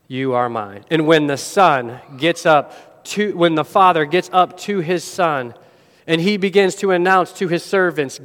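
A man preaching a sermon as pastor, telling a story dramatically and swinging from loud to hushed. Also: on the high side, unhurried. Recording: long hall reverb.

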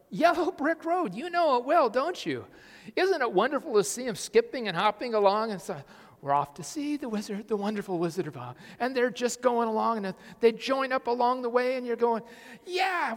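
Male pastor, high voice, lively sermon full of questions, long hall reverb. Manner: animated, asks the congregation questions.

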